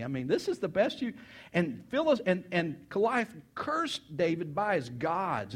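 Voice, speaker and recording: A man's voice: fairly high pitch, a little fast, breathy edge. A man preaching a sermon, retelling a story with folksy asides and acting out the characters' voices. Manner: animated, acts out characters' voices.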